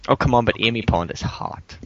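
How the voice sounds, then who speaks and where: A man's voice: mid-range voice, a little fast. A man co-hosting a casual podcast, chiming in with cheeky jokes. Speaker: podcast co-host. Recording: dull lo-fi podcast audio.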